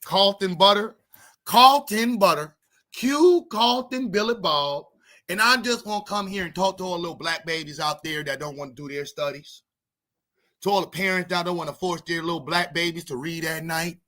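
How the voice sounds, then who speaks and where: A man voicing a mocking country white man who slows his words and calls out like a preacher at a rally. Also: sits high, bright, forceful tone. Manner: drawn-out preacher-style rally cries.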